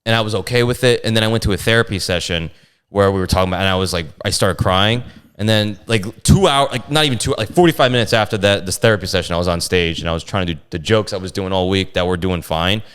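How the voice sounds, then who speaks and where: With a low, clear, resonant voice, the speaker is a fast-talking man, a comedian guest. His casual stories about being heckled at shows are animated and profane, and he acts out every other voice in them.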